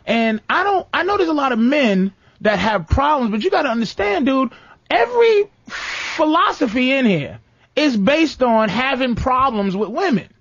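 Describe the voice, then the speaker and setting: A man hosting a comedy podcast, telling stories in a profane, animated rant. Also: extremely high pitch, husky, no echo. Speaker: podcast host. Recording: dull lo-fi dry sound.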